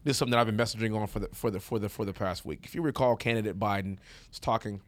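A man co-hosting a casual political talk show, animated and quick to laugh. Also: on the low side, no room sound. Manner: animated, laughs easily, jokey. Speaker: co-host.

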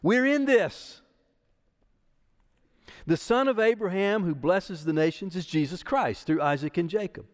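A man's voice: high-pitched, measured pace, long pauses, long reverb tail. A man preaching a sermon as pastor, emphatic and repeating key phrases for stress. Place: church sanctuary.

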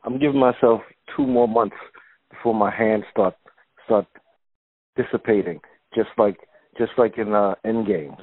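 Man, low voice, casual joking chat, stumbles and repeats words, dry narrow sound. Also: animated, a little slow, pauses often, breathy edge, no room sound.

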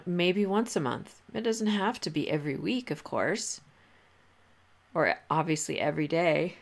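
A woman hosting a podcast, giving advice in a relaxed, conversational way with many fillers and restarts. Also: sits low, creaky. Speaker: podcast host. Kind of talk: casual advice talk.

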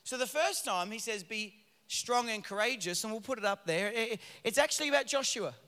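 High bright-voiced preacher in a big hall. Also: male voice, lively intonation, fairly quick. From Australia. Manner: swings between loud emphatic preaching and quiet low passages. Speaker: pastor. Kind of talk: sermon. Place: large church auditorium. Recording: long hall reverb from a church.

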